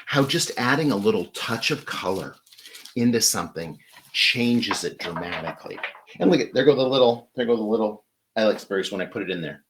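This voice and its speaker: A man's voice: lowish voice, expressive, fairly quick, a bit bright, a little hiss or hum. A man hosting a live flower-arranging demonstration, chatty and enthusiastic as he talks while working with his hands. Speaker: florist host.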